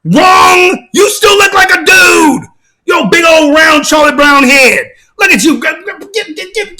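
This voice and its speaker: A man giving a mocking, emphatic rant as reaction commentary on his channel, often bursting into shouts. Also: extremely high pitch. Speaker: channel host.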